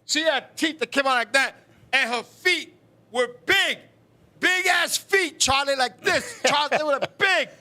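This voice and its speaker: A man hosting a casual live-streamed talk show, telling stories in an animated, profane way with frequent laughs. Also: extremely high pitch, a little slow.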